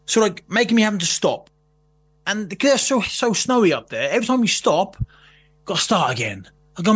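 A man's voice: high-pitched, very animated, quick pace, a bit bright. A man telling a story in casual chat, swearing and laughing as he goes. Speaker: guest.

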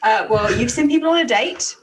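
Animated, giggly woman co-host. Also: on the high side, fairly quick, a little hiss or hum. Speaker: podcast co-host. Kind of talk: casual banter reading news.

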